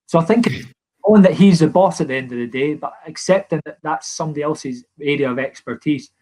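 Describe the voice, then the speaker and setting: A man's voice: a little high, fairly quick, darkish tone. A man with a Scottish accent, a former footballer as podcast guest, telling stories earnestly with many restarts. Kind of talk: casual podcast chat.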